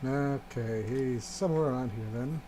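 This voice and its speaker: A man's voice: mid-range voice, normal speed, a little hiss or hum. A young man streaming a video game, playful and joking as he reads its text aloud and laughs at it. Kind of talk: let's play commentary, reading game text aloud.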